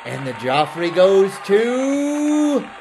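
A man's voice: high-pitched, big pitch swings, extremely slow, a crowd in the background. A man presenting a mock awards show with playful, bantering delivery. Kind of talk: comedy awards parody.

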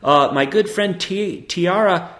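A man's voice: high-pitched, takes it slowly, fairly bright tone. A man co-hosting a casual comedy podcast, joking around as he reads out listener reviews. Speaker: podcast co-host. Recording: roomy echo.

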